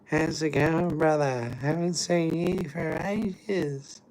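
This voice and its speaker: A man mimicking an overfamiliar scruffy woman stranger who greets people on the street in a drawn-out, chummy way. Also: fairly high pitch, darkish tone, pitched above the performer's own voice, poor audio.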